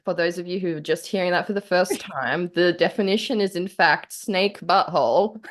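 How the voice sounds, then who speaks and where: A woman's voice: on the low side, normal speed, a little hiss or hum. An Australian woman co-hosting a podcast in casual, playful chat, laughing often. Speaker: podcast co-host.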